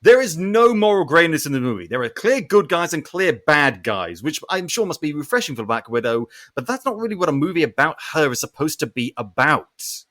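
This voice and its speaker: Male podcast host, fairly high-pitched, animated and ranty, casual film review chat. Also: brisk, few pauses. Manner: animated ranting with frequent swearing.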